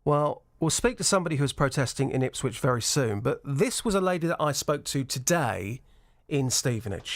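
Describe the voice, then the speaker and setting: A man's voice: mid-range voice, animated, brisk. Sympathetic male radio presenter outdoors. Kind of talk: radio interview and reading placards. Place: outdoors at a street protest.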